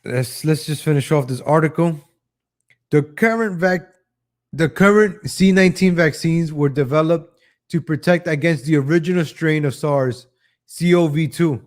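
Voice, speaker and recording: Male commentary host, native Spanish speaker, higher-pitched, sarcastic and ranting. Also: normal speed. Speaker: show host. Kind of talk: opinion commentary show.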